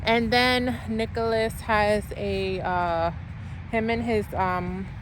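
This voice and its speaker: A woman's voice: medium pitch, fairly even intonation, takes it slowly. A woman chatting casually in a rambling way with lots of fillers, vlogging about her day as a mom. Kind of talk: casual vlog chat. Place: in and around a car, outdoors. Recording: noisy outdoor and car ambience.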